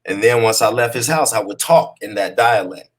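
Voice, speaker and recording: An expressive, lowish male voice at normal speed belongs to an actor in a relaxed conversational interview. He often checks in with whoever he's talking to and leans on the phrase "you know what I'm saying."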